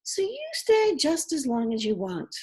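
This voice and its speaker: A woman's voice: high voice, wildly swooping pitch, measured pace, darkish tone, pitched above the performer's own voice, full character voice. A woman doing a cooing, doting mother. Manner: cooing, sweet.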